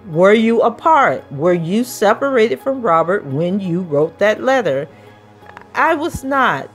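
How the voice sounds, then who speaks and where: A woman podcast host reading a trial transcript aloud, voicing the questioning in a measured, even way. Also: mid-range voice, faint music behind.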